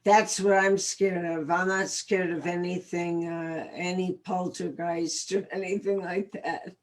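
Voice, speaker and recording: Slow-talking New York woman. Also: fairly low pitch. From the Bronx, New York. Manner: slow, relaxed, laughs easily. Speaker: guest actress. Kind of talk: casual live video chat.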